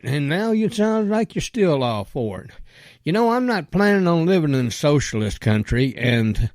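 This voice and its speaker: A man's voice: fairly high pitch, very animated, moderate pace, dry recording, clean studio sound. A man delivering an angry, profane rant that he aims straight at a politician. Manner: blunt and profane, addresses a politician directly.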